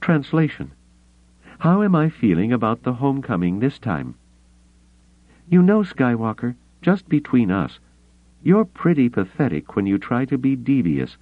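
Sharp-tongued young woman read by a man, dry teasing wit, lively tinny audiobook read. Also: mid-range voice, measured pace, no echo, pitched above the performer's own voice. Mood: wry teasing.

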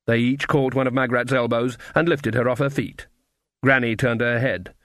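A man narrating an audiobook in a measured, even way. His voice sits at a middling pitch and sounds dry and close, with no room around it. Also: no echo.

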